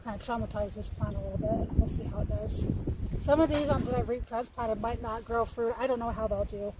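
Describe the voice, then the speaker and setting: A woman's voice: on the high side, fairly even intonation, a little fast. A woman livestreaming from her backyard garden, chatting in a rambling way and greeting viewers by name as she works. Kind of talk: casual live-stream chat. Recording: loud wind and outdoor noise.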